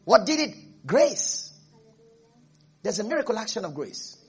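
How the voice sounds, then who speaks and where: High-voiced husky man preaching. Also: very animated, measured pace. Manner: emphatic, repeats phrases and asks the congregation if they are listening. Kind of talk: sermon.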